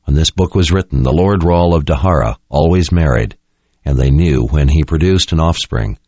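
A man voicing a grave, bitter young man in an audiobook, speaking low and quietly. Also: moderate pace, dry recording. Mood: somber. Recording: dull lo-fi dry recording.

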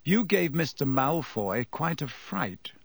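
Audiobook figure: a man doing a soft-spoken, measured teacher, dry close recording. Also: on the high side, sing-song, vocal fry, husky, no room sound, full character voice. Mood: gentle. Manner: slow, gentle and measured. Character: calm, kindly male teacher.

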